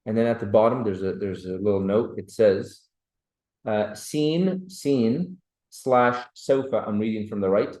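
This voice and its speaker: A man's voice: fairly low pitch, a little slow, a little mellow, reverberant, rough recording. A man teaching a classroom grammar lesson, who keeps checking that his students follow. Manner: patient, checks understanding with "right?" and "clear?". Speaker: Arabic teacher.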